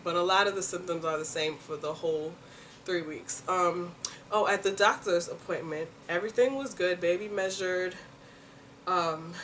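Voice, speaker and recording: A young woman in a casual, chatty home vlog, animated, laughing easily and filling pauses with likes and ums. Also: lowish voice, distant mic, slight background noise. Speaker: vlogger. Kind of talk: casual pregnancy update vlog.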